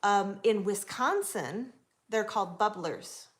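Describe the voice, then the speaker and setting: A woman's voice: mid-range voice, lively intonation, takes it slowly, slight background noise. A woman in her forties from the US West Coast, chatting casually on a livestream and answering viewer comments. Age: 40s. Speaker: livestream host.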